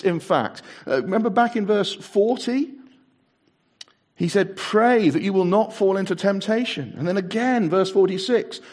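A man preaching a sermon, acting out the voices in the story and dropping to a hushed, low voice for solemn points. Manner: dramatic, acts out the voices in the story.

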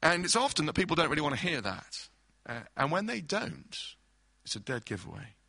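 A man's voice: fairly high pitch, big pitch swings, brisk, vocal fry, sharp tone, husky, no room sound. A man preaching a sermon, explaining scripture through everyday illustrations and acted-out quotes.

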